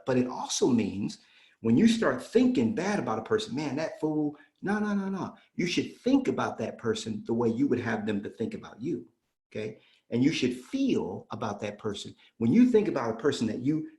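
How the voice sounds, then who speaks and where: A man coaching a room of trainees with preacher-like emphasis, hammering home each point and repeating it. He acts out both sides of client conversations in a voice of middling pitch, and the recording carries a roomy echo. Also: a little mellow. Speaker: real estate sales trainer. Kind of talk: energetic sales training talk.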